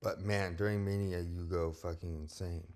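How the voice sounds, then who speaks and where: A young man with a deep, low-pitched voice talks straight to the camera in a personal vlog. He is blunt and candid, and he swears freely. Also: fairly even intonation, moderate pace, a little mellow. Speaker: vlogger. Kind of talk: personal monologue.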